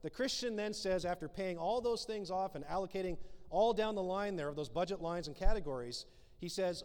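A man's voice: sits high, lively intonation, fairly quick, darkish tone. A man preaching a sermon as pastor, acting out the dialogue in his illustrations. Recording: long hall reverb.

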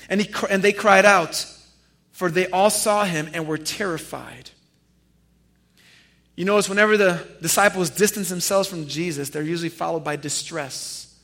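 A man preaching a sermon as pastor, animated and firing rhetorical questions at his congregation. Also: sits high, creaky. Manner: addresses listeners familiarly.

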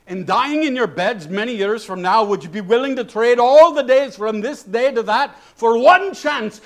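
A man's voice: very high-pitched, creaky, fairly bright tone, voice pushed up, heavily acted. A man voicing a defiant Scottish rebel leader, with a put-on Scottish brogue, rousing outnumbered troops in a declamatory speech. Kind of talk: sermon illustration.

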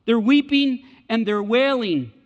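A male pastor preaching a sermon in an animated, colloquial way, repeating his key phrases. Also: very high-pitched, measured pace. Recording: reverberant hall, dull lo-fi.

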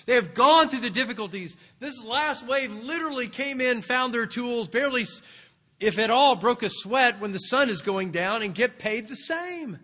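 A man preaches in a conversational, explaining manner, his voice sitting high with a bright, forward tone. Long reverb from a large church sanctuary hangs after each phrase. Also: animated, normal speed. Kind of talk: expository sermon.

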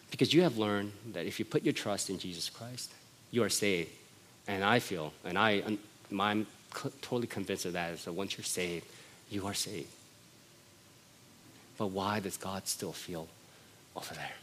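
A middle-aged male pastor delivers a sermon with a lively, swooping delivery. He mixes teaching with chatty family anecdotes, laughing now and then as he speaks to his congregation. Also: on the low side. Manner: conversational preaching, animated storytelling with laughs.

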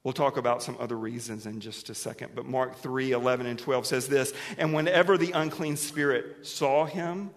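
A man preaching a sermon to his congregation, moving between quiet, low passages and loud, emphatic ones, asking them questions and having them repeat words back to him. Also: normal speed, few pauses. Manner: animated preaching that swings from hushed to emphatic. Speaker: pastor. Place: church sanctuary. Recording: long hall reverb.

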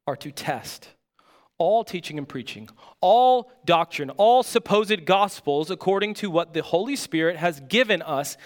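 A man preaches a sermon with earnest, forceful emphasis and a voice pitched a little above the usual male range. He keeps putting pointed rhetorical questions to his listeners. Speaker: pastor.

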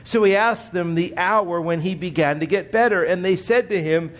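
A man preaching a sermon in an earnest, emphatic way, often clearing his throat. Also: high voice, normal speed. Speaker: pastor.

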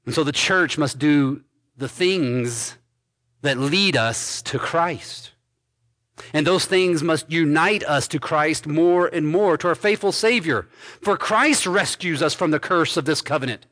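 A man pastor preaching an expository sermon, reading scripture aloud and commenting on it with emphatic stresses and quiet endings. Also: fairly high pitch, measured pace. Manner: emphatic preaching, swinging between loud stresses and dropped soft endings.

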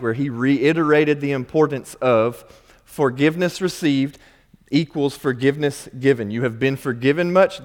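A man preaching a sermon as pastor, conversational, with wry asides and acted-out questions. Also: medium pitch. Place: church sanctuary. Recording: long hall reverb.

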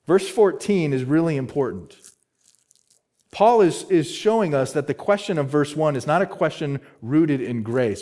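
Lively, emphatic male preacher. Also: on the high side. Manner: emphatic, repeats key words, rhetorical questions. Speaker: pastor. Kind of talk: expository sermon.

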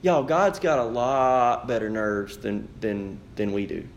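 A man preaching a sermon as pastor, with animated rhetorical questions. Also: mid-range voice, measured pace, muffled recording, slight background noise.

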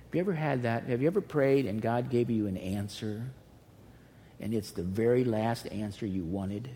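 A man preaches a sermon with a mellow, warm voice that rings out in a big church hall with a long echo. He repeats himself for emphasis and moves between urgent pleading and hushed, almost whispered lines. A faint hiss sits under the recording. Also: mid-range voice, normal speed. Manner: emphatic and repetitive, swinging from loud pleas to hushed near-whispers. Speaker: pastor. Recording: reverberant hall with faint noise.

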